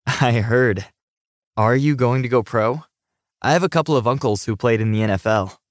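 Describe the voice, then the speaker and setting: A man's voice: mid-range voice, normal speed, dry recording, clean studio sound, close to an everyday voice. A man voicing a slight young man who talks in a frank, quizzical way. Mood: curious.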